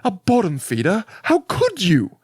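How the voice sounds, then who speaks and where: A man doing a shrill, snobby posh British lady. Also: wildly swooping pitch, measured pace, slightly rough, no echo, studio quality, full character voice. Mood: disgusted. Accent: posh British, put on. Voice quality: high, shrill and haughty. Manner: disgusted, sneering. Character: fat, snobbish rich British lady in a corset.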